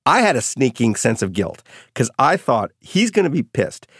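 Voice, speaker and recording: A middle-aged man, an author being interviewed, telling anecdotes in a lively, casual way. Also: mid-range voice, normal speed, husky, no room sound, clean studio sound. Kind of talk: storytelling interview.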